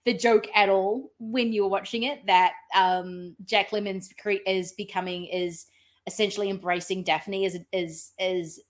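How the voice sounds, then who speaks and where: A woman's voice: medium pitch, steady tone, unhurried. Rambling woman thinking aloud on a podcast. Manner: rambling, thinks aloud with many ums, acts out quotes. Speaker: podcast guest. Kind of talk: casual film review chat.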